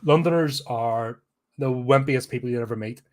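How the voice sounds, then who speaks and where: A Belfast man in full rant mode, tearing into a film with blunt sarcasm and plenty of swearing. His pitch sits mid-range for a man and his talk is casual and unscripted. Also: normal speed. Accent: Northern Irish, Belfast. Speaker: podcast host, film reviewer.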